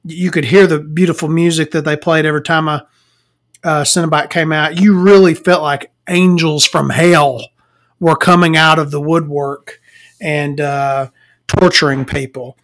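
Tired, rambling man with a higher voice. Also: steady tone, a little slow, fairly bright tone. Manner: rambling and joking, with many fillers. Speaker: podcast host. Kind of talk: casual solo podcast monologue. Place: small dark room at home. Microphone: desk microphone.

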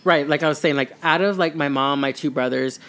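A man's voice: fairly high pitch, fairly quick, a bit bright, clear, resonant tone. Earnest young man in rambling casual chat. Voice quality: earnest, rambling, heavy use of fillers. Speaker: podcast co-host.

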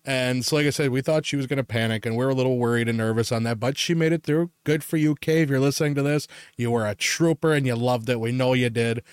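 A young man co-hosting a podcast in casual chat, telling animated stories with lots of swearing and laughter. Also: mid-range voice, fast talker, few pauses, smooth, no echo, studio quality. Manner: swears a lot, laughs often, animated storytelling. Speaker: podcast co-host.

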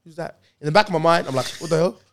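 A young man telling a story in casual chat with friends, animated and laughing, full of slang. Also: a little high, rapid-fire, noisy background.

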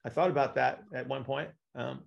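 A man's voice: mid-range voice, steady tone, moderate pace, creaky, lo-fi sound. A man teaching a live class, explaining with analogies and often checking in with "right?". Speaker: instructor.

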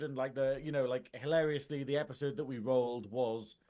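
A man's voice: mid-range voice, steady tone, a little fast. A man co-hosting a show in casual chat, rambling, swearing freely and laughing often. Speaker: co-host.

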